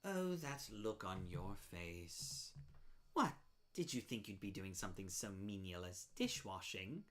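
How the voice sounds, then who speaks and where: A woman plays a greedy spider baker who sweetly calls everyone "dearie," hiding a low, hushed menace beneath the sugar. Her heavily acted delivery swings widely in pitch, runs a little slow, and sounds scheming.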